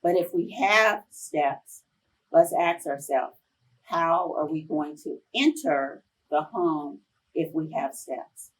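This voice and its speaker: A woman in her fifties, a professor giving a conference talk, telling chatty, animated personal stories to the audience. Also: low voice, slow pace, breathy edge, recorded from a distance, low-quality recording. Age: 50s. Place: conference room.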